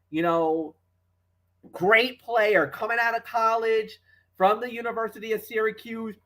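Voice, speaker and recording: A mid-pitched sports talk co-host chatting in a loose, rambling way. The speech is full of fillers and restarts as the host tells stories and talks about players, and the voice grows louder when excited. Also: rough recording. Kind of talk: casual sports talk and storytelling.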